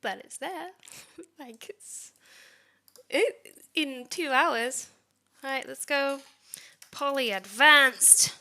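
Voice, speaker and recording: A woman's voice: sits high, drawn-out words, creaky, sharp tone. A woman live-streaming as she codes, thinking aloud and muttering or whispering to herself.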